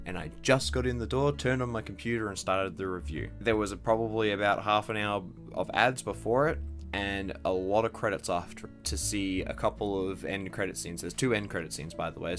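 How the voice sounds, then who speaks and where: Young male vlogger, low-pitched, casual and profane, rambling review. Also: a bit bright. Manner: rambling, profane, full of restarts. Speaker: movie reviewer. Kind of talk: casual movie review vlog. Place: at home computer.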